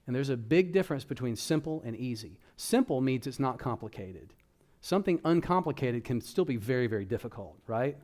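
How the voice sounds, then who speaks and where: A man's voice: mid-range voice, lively intonation, brisk, darkish tone. A man speaking to parents at a church workshop, talking to the audience in a conversational, direct way. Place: church hall.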